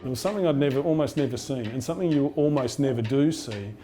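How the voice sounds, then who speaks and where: A man's voice: medium pitch, fast. Reflective man with guitar music behind. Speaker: former teacher. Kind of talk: documentary interview. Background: soft guitar music.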